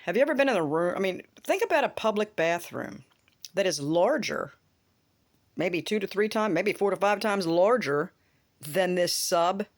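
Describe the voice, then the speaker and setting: A woman vlogger in a casual commentary rant, rambling, swearing freely and sounding incredulous. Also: on the low side.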